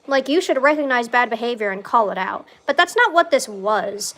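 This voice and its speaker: A young woman chatting casually over gameplay, rambling with lots of "like" and swearing freely, with loud outbursts when the game goes wrong. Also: on the high side, animated, moderate pace. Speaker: gaming streamer.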